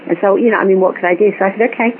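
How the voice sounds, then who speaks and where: A woman guest telling a long personal story in an animated way, recorded over a phone line. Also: medium pitch, very fast. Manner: animated storytelling, acts out quoted voices. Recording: tinny phone line with faint hiss.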